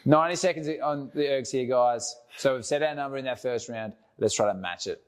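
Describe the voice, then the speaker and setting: A man's voice: mid-range voice, fairly quick, clean tone. A young man coaching a fitness class, counting down reps and encouraging his co-coach with friendly banter.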